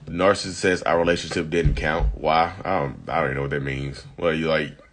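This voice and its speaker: Brief: male live-stream host, deep and husky, blunt and chatty with viewers, getting over an illness. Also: steady tone, fairly quick. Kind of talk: casual live chat reading viewer comments.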